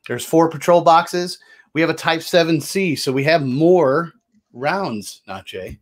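A man's voice: a little high, measured pace. A man hosting a board game session, explaining the rules casually, loose and chatty, with fillers and self-corrections.

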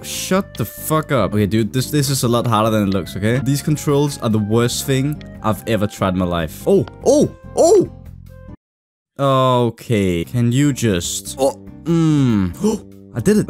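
A young man commentating his own gameplay, getting frustrated and cursing often with sudden excited outbursts. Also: medium pitch. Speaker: gaming video host. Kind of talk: let's play commentary.

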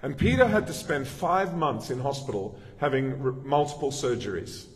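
A man's voice: mid-range voice, very animated, normal speed. A middle-aged male pastor giving a sermon in a conversational, storytelling way, often restarting his sentences. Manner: conversational, anecdotal preaching with frequent restarts. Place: church. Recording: long reverb of a church hall.

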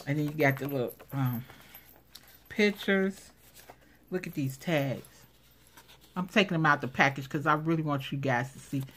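A woman's voice: sits low, normal speed, long pauses, a bit bright. A woman vlogger unboxing craft supplies in casual commentary, gushing and exclaiming over each item. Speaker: craft vlogger showing giveaway prize.

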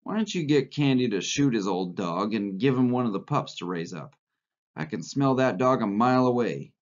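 A man's voice: mid-range voice, lively intonation, normal speed, close to an everyday voice. A man reading the part of a blunt, coarse male ranch hand. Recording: lo-fi recording.

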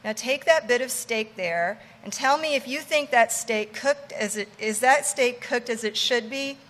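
A woman voicing a brash male ship's mate who teases and commands loudly. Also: on the high side, unhurried, in a large hall. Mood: bossy teasing. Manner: loud, teasing, commanding.

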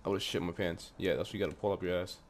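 A man's voice: sits low, little pitch movement, racing, slight background noise. A man giving loose, profane commentary as he plays a horror game, jumping at scares and talking back to what he sees on screen. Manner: profane, jumpy reactions, talks back to the game. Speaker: gameplay commentator. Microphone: headphones on, desk mic.

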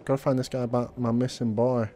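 A man's voice: mid-range voice, level tone, fast talker, warm tone. A man casually commenting while playing a video game, rambling and easygoing with many fillers. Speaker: gaming video host. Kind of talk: casual let's play commentary.

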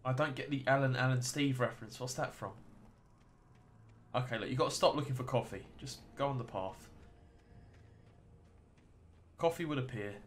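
A man's voice: medium pitch, moderate pace, pauses often, slight background noise. An American man streaming a game live, chatting casually and rambling to his viewers. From United States.

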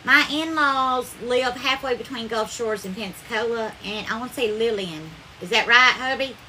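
A woman's voice: fairly high pitch, normal speed, sharp tone, slight background noise. A woman with a Southern accent hosting a live cooking stream, chatting effusively and calling viewers darling as she thanks them by name. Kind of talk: casual live-stream chat and cooking demo.

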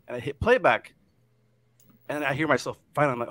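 A man telling a ghost story in casual chat, animated and dropping to hushed tones at the scary parts. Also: mid-range voice, fast talker. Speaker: guest storyteller.

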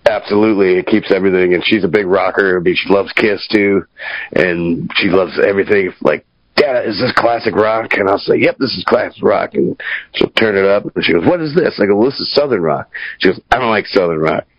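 A man's voice: deep voice, fairly quick, no echo, dull audio. A man in his forties, a drummer, telling stories in a laid-back, profane way and laughing often. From Minnesota. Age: 40s. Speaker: guest drummer. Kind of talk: casual interview chat.

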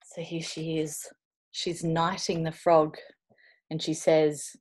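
A woman reading a children's picture book aloud over a video call, expressive and playful, slipping into whispers and little asides. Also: deep voice, a little slow, husky. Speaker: children's storybook reader.

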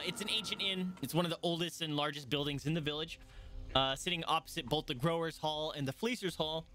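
A man's voice: on the high side, pushed and bright, slight background noise. A man narrating as game master in a loose, laughing way with lots of fillers and restarts.

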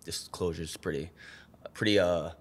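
A man's voice: deep voice, measured pace. A man from the Bronx, a pro fighter and guest on a podcast, telling a story in casual chat and acting out the lines of people in it. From the Bronx, New York. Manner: animated storyteller, acts out quotes, restarts often.

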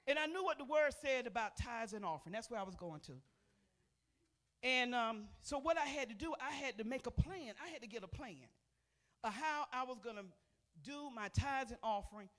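A woman's voice: on the high side, lively intonation, brisk. Folksy older woman preaching testimony. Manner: folksy, calls out to the congregation; swings between loud emphatic bursts and soft murmurs. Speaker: pastor. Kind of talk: testimony sermon. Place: church sanctuary.

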